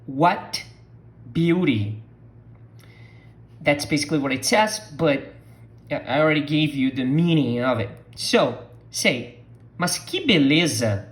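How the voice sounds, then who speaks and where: With a mid-range voice, a Portuguese speaker from Brazil leads a patient, unhurried lesson, repeating each word for students to echo back.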